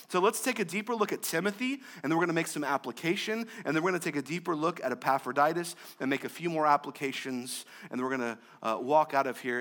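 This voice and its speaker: This sermon comes from a young male pastor who keeps it chatty and jokey in places. Loud, stressed passages alternate with quiet, low ones.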